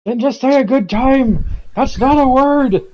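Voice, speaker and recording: Slow, playful woman gaming with friends. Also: high voice, darkish tone, highs cut off, slight background noise. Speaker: player. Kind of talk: casual group chat while playing a game.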